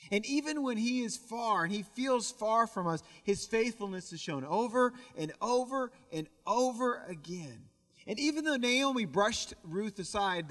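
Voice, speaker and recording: High, bright-voiced young preacher in a church hall. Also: male voice. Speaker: pastor. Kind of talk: sermon. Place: church sanctuary.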